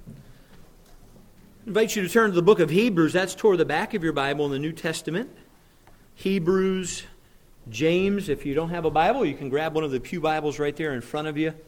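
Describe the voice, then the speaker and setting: A man pastor leading a church prayer and then reading scripture slowly, with strong emphasis on key words. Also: fairly high pitch. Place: church sanctuary.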